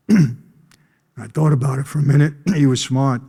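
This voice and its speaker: A man speaking at a conference, telling a personal story in an emphatic, conversational way and often clearing his throat. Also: mid-range voice, slow, warm tone, in a large hall. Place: conference stage.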